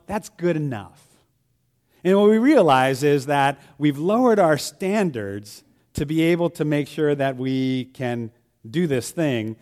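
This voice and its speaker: A man talking to his congregation in a loose, conversational way, with a medium-pitched voice. He tells small anecdotes, jumps up into high squeaky tones for the quoted lines, and fills his sentences with ums and uhs. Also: darkish tone. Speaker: church leader. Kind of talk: informal church announcement talk.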